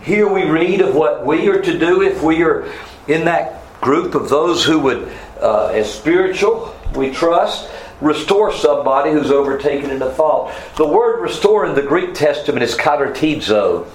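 A man's voice: animated, normal speed. Guy preaching in a roomy church, bit of hum in the back, voice climbs when he gets going. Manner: rises in pitch for emphasis, quotes scripture in old wording. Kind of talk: sermon. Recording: roomy echo, faint room noise.

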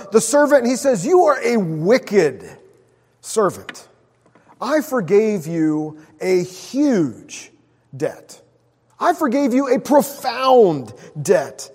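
A man preaching a sermon in a conversational way, dropping to a hushed voice on key words. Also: high voice, in a large hall. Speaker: pastor.

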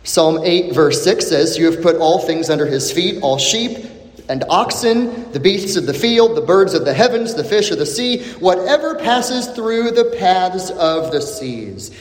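A man preaching a sermon, expressive and dramatic, repeating questions for emphasis with long pauses. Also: high voice. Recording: echoey hall with long reverb.

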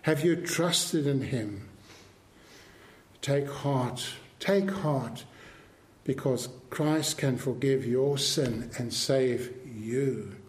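A man preaching a sermon to his congregation with a measured, emphatic delivery. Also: medium pitch, reverberant. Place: church.

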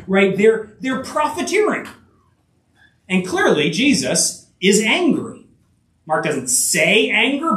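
A pastor preaching a sermon in a church, earnest, with many fillers and restarts, tossing in rhetorical asides and building to emphatic peaks. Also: male voice, high-pitched, a bit bright. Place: church sanctuary. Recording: echoey room, voice picked up from a distance.

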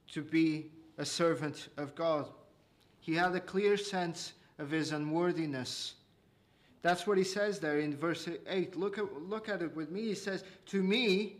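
Earnest high-voiced male preacher. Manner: earnest, with frequent hesitations and restarts; slows and rises for emphasis. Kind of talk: expository sermon.

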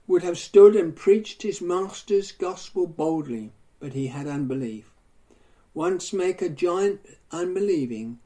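A man preaching a sermon in a declamatory way, building phrases to loud emphasis and dropping to hushed endings. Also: on the high side, rough recording.

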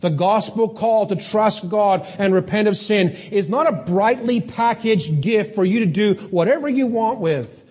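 A man preaching a sermon, asking rhetorical questions and slowing down to stress key words. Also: high-pitched, darkish tone. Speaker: pastor.

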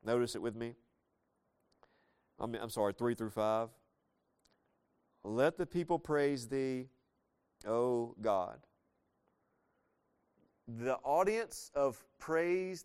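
A man's voice: mid-range voice, clean tone. Southern-accented man preaching a sermon. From Southern United States. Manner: conversational, folksy storytelling with dynamic emphasis. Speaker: pastor.

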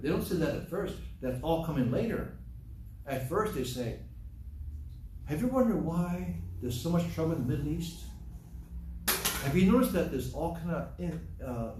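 A man's voice: mid-range voice, warm tone, slight background noise. Distant, echoey male preacher. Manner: conversational, asides and rhetorical questions. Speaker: pastor. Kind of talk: sermon. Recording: distant mic, echoey room.

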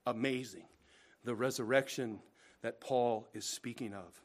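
A male pastor delivers a sermon with his voice at a middling pitch. He presses hard on key phrases, then drops to quiet, drawn-out asides. He keeps turning to the congregation with pointed rhetorical questions. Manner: dramatic swings from loud emphatic bursts to hushed, slow asides; addresses listeners directly with rhetorical questions. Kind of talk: preaching a sermon.

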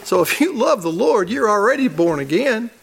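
Man preaching, kinda high voice, chatty storytelling sermon, chuckles a lot. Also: very animated, moderate pace, creaky, husky. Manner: conversational storytelling, chuckles at his own stories. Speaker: church elder.

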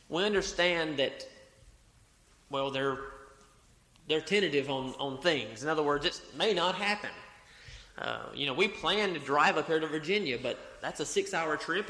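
A man's voice: a little high, bright, forceful tone. A man preaching a sermon in a church, reading scripture aloud and repeating his phrases. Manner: repeats phrases, reads scripture aloud, corrects himself mid-sentence. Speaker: pastor. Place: church sanctuary. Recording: echoey church hall.

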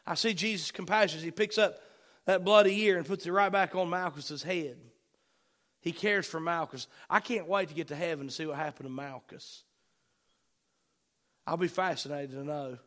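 A fervent sermon comes from a male pastor whose voice is high. His delivery swings from loud urgency to hushed, gentler asides.

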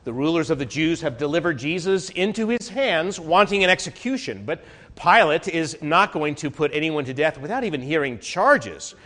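A man pastor delivering an earnest sermon to his congregation, his pitch and loudness swinging widely as he preaches. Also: lively intonation, normal speed. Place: warm, crowded church hall. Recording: reverberant hall.

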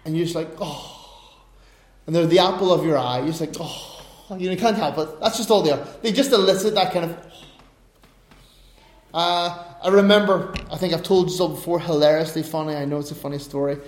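Animated preacher, high voice, roomy. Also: male voice, fast. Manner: animated storytelling, laughing bursts. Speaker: pastor. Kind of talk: sermon with personal stories. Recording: roomy echo.

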